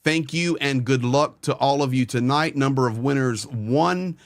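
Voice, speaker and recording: A man's voice: mid-range voice, no room sound. Man reading donations, dry sound. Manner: rapid rundown of names and amounts, earnest. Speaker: host of a live stream. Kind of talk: live stream chat, reading out donations.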